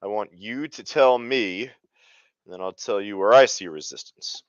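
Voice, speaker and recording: A man's voice: lowish voice, moderate pace, clean tone, no room sound, dull audio. Chatty man hosting live trading. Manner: casual, chatty, many fillers. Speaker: trading room host. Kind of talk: live trading webinar commentary.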